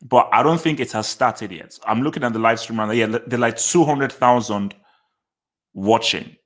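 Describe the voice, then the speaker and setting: A medium-pitched man at a moderate pace gives relaxed live reactions on his football channel. Short phrases get repeated and sentences restarted as he thinks aloud.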